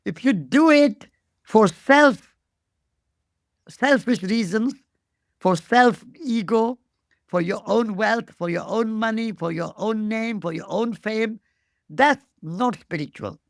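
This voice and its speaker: A man's voice: sits high, slow pace, no echo, clean studio sound. A man in his eighties from India with an Indian accent, telling his life story as an interview guest, earnest and repeating phrases for emphasis. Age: 80s.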